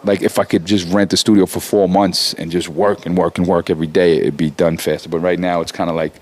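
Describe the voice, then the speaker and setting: A low-pitched rapper in his forties speaks a little fast as an interview guest, getting worked up, cursing freely, and restarting his sentences in profane, casual talk.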